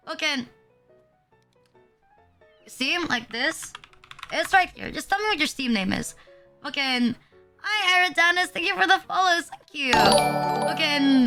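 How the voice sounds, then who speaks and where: A young woman streaming live, chatting casually in a high, bright voice. She rambles, leans on filler words and swears offhand, with soft music playing underneath.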